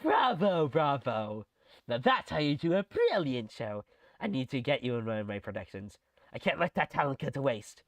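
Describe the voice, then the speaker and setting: A man's voice: medium pitch, very animated, moderate pace, no room sound. A man voicing a pompous, theatrical male TV-headed showman while reading a dating sim aloud, grand and self-praising. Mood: flattering.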